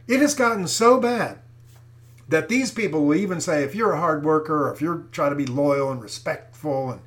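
An older man with a high voice preaches his commentary straight to his viewers. He hammers his points home by repeating phrases and keeps calling his listeners folks. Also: a little fast. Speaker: Christian commentator.

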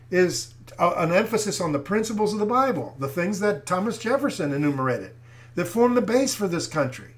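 Emphatic older man with a high voice. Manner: emphatic, repeats phrases, addresses listeners as folks. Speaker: Christian commentator. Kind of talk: preaching commentary to viewers.

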